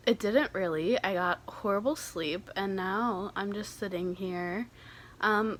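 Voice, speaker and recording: A young woman vlogs from home with a hoarse, raspy, half-lost voice. She talks casually and mocks herself dryly, often trailing off. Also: medium pitch, fairly bright tone, slight background noise. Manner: casual, self-mocking, trailing off. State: hoarse, losing her voice. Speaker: vlogger. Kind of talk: casual vlog chat.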